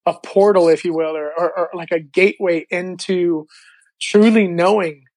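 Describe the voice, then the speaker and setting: A man speaks as an interview guest, recounting his personal faith testimony. His telling is animated and loose, with frequent filler words and restarts. His voice is close and dry, with no room sound. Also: sits high, normal speed, no echo.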